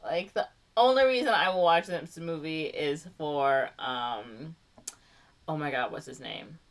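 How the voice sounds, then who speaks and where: A woman's voice: sits low, animated, measured pace, far from the mic. A woman hosting a podcast, chatting casually in a giggly, rambling way with lots of fillers. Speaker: podcast host. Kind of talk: casual chat.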